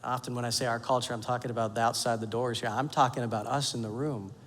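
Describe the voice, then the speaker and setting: A man's voice: medium pitch, steady tone, fast talker, a bit bright. A man preaching a sermon as pastor, telling the story with jokes and playful quoted voices. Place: church sanctuary. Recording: long hall reverb.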